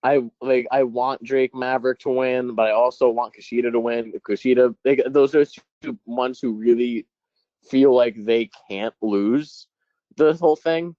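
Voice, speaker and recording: A man's voice: medium pitch, steady tone, normal speed, warm tone, dry recording, lo-fi sound. A man co-hosting a casual podcast, hesitant and filling his talk with 'like' and 'you know', swearing now and then. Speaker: podcast co-host.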